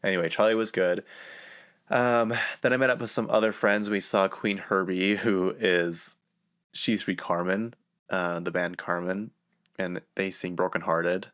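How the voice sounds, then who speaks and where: A young man with a low voice tells a loose, chatty story for his podcast. He keeps stopping mid-sentence and circling back, with plenty of "like" along the way. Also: steady tone, moderate pace, fairly bright tone. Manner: rambling, filler-heavy, self-interrupting. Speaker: podcast host. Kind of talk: casual storytelling monologue.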